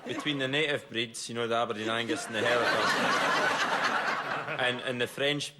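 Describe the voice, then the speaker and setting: A Scottish man, a comedian and farmer, riffing in a hesitant deadpan way on a panel show. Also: medium pitch, normal speed, very noisy. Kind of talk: deadpan comic riff.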